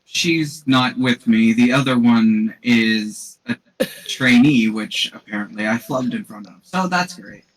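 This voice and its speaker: A man's voice: medium pitch, measured pace, distant mic, poor audio. A man playing in a tabletop game on a live stream, sheepish and apologetic as he explains his moves. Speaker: player.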